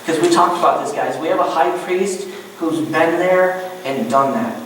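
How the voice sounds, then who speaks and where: Pastor, male, animated preacher with joking asides; recorded from a distance in an echoey church with light noise. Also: on the high side, normal speed. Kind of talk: sermon. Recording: echoey church room from far off.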